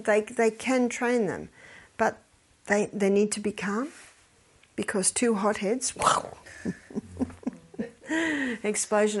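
An older woman, casually giving advice, telling stories and acting out the people in them. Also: on the high side. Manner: storytelling, acts out quoted voices, quotes scripture.

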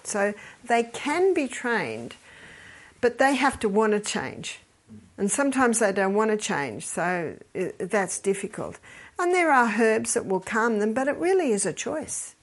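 A woman's voice: on the high side, very animated, a little slow. An older woman, casually giving advice, telling stories and acting out the people in them. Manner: storytelling, acts out quoted voices, quotes scripture.

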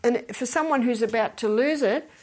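A woman's voice: a little high, moderate pace, darkish tone. An older woman, casually giving advice, telling stories and acting out the people in them. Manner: storytelling, acts out quoted voices, quotes scripture.

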